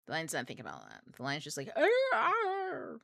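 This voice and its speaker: A woman's voice: extremely low pitch, wildly swooping pitch, racing, vocal fry, sharp tone, dry recording. A young adult woman hosting a book club, talking casually about astrology in a rambling, candid way, swearing freely. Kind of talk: casual livestream talk on astrology.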